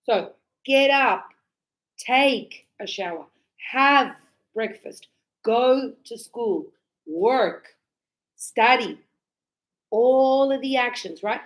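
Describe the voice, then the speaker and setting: A woman's voice: a little high, expressive, drawn-out words, long pauses. A young woman teaching an English grammar lesson to a class. She speaks patiently and repeats key phrases so students can follow.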